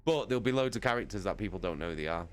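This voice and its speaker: Sweary streamer, low and lively. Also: male voice, racing. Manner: sweary, chatty, laughing, greets chat by name. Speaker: livestreamer. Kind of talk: casual live-stream chat with viewers.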